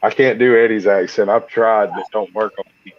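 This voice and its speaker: Easygoing low-voiced man on a dull line. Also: fairly even intonation, fairly quick. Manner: easygoing, chatty storyteller with fillers. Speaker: live stream guest. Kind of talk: casual chat on a live stream. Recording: dull lo-fi dry sound.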